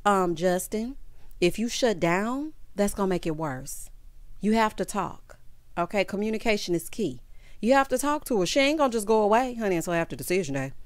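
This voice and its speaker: A woman hosting a casual reality TV recap, sassy and animated, calling her listeners honey and child. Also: mid-range voice, brisk, dry recording.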